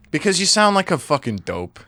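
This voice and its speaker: A man from Louisiana co-hosting a podcast, swearing casually and laughing often in a relaxed late-night chat. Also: a little high, dry recording, clean studio sound. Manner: laid-back, swears freely, laughs often. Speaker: podcast co-host.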